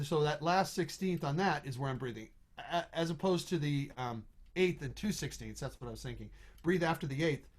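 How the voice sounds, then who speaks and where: A man's voice: mid-range voice, lively intonation, quick pace. A middle-aged man teaching trombone over a video call, talking casually, thinking aloud and singing rhythms on "da" syllables. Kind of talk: online music lesson.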